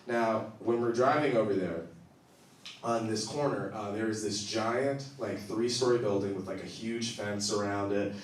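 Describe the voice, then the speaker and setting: A man doing stand-up, telling a long story with animated acted-out quotes and bursts of laughter. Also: fairly low pitch, normal speed, a little hiss or hum. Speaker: stand-up comedian. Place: comedy club stage. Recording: echoey room, from a distance.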